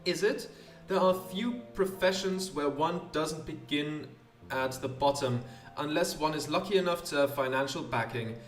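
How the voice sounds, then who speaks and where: A refined one-eyed lady portrait painter, voiced by a man raising his voice, speaking in a genteel, formal and faintly flirtatious way. Her voice sits high and carries a roomy echo, as if the mic were some distance off. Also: normal speed, soft background music, close to an everyday voice. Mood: composed.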